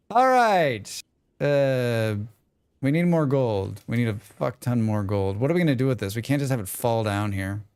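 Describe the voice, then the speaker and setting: Smooth-voiced man streaming a game. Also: medium pitch, lively intonation, moderate pace, darkish tone, dry recording. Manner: rambling, swears freely, talks to himself and chat. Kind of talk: casual live-stream chat while playing.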